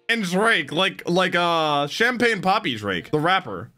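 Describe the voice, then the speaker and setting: A man hosting an anime reaction video, talking in an excitable, exclamatory, slangy way. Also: a little high, takes it slowly, few pauses, soft background music.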